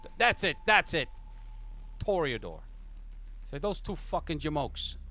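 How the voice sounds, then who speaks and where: A man's voice: on the high side, big pitch swings, unhurried, sharp tone, pitched above the performer's own voice, full character voice. A man voicing a foul-mouthed, exasperated male mob boss who sputters and curses.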